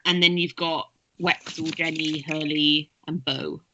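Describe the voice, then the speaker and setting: A woman narrating as game master of a tabletop game, chatty and quick to giggle. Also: low-pitched, fairly even intonation, bright, forceful tone, highs cut off, a little hiss or hum.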